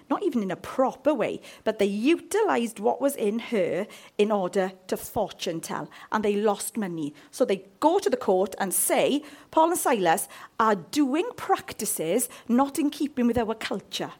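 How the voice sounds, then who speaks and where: Animated woman preaching a sermon. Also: medium pitch. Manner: animated, asks the congregation for responses. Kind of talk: sermon with Bible reading. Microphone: handheld mic.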